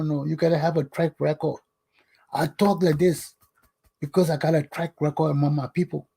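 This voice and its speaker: An older Liberian man hosts his own talk show, delivering a scolding, emphatic lecture in Liberian English and repeating words to drive them home. His voice sits high, with a dark tone and a breathy edge.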